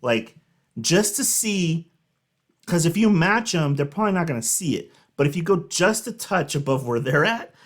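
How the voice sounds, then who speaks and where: A man's voice: on the high side, expressive, moderate pace. A man in his thirties hosting a reaction video, chatting casually and telling a rambling, filler-heavy story. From Southern California.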